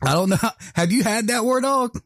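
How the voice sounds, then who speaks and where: A man's voice: very high-pitched, a little fast, a bit bright, no room sound, studio quality. A man in casual chat, telling stories with lots of swearing and laughter. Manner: profane, laughing storyteller.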